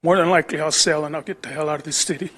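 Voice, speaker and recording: A man's voice: a little high, fairly even intonation, racing, fairly bright tone. A middle-aged homeowner, a man, speaking at public comment, aggrieved and plain-spoken about a project next door. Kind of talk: city council public comment.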